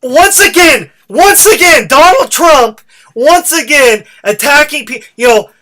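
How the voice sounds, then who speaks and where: A man rants alone into his podcast mic, swearing freely and working himself into a fired-up state. His voice has a bright, cutting edge throughout. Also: very high-pitched, animated, measured pace, a little hiss or hum. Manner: fired-up, profane, ranting. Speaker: podcast host. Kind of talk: solo podcast rant.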